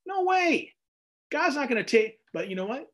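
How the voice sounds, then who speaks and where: A man with a very high-pitched voice teaches a Bible study at a normal speed, casual and animated. He reads scripture aloud and breaks in with jokey asides.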